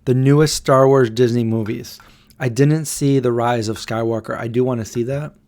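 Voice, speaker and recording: A man's voice: mid-range voice, steady tone, moderate pace, a little mellow. A man in his thirties hosting a casual late-night livestream at home, chatting loosely and reading out viewer comments. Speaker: livestream host.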